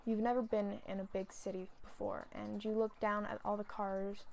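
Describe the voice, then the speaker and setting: A woman's voice: medium pitch, little pitch movement, normal speed, gravelly, a little mellow. A woman who chats in a rambling way and laughs often, sounding out of breath, before reading a fan story aloud. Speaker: fanfiction reader. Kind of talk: casual chat, then reading a story aloud.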